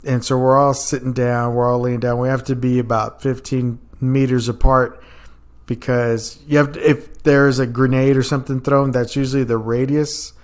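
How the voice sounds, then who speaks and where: Young adult man, casual storyteller, animated, breaks into laughter, mid-pitched. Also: moderate pace. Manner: animated storyteller, laughs often, acts out quotes loudly. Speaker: podcast guest.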